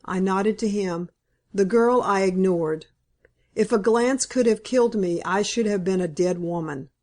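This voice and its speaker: Woman narrator, audiobook reading, composed, measured, medium pitch. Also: darkish tone. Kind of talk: audiobook reading of a classic novel.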